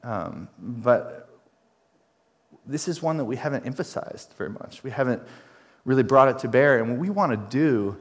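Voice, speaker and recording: A male pastor preaching a sermon to his congregation, emphatic, with repeated phrases and rising questions. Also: on the low side.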